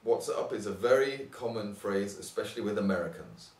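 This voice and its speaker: A young man from England teaching an informal English lesson, acting out example phrases with big jumps in pitch. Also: animated, brisk. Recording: roomy sound, mic at a distance.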